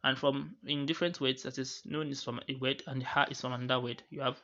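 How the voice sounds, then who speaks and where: Male recitation teacher, bright tone, halting explanations, slow drawn-out examples, dull lo-fi recording. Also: mid-range voice, level tone. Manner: halting, with restarts, slowly drawing out each recited example. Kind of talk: explaining tajweed rules to students.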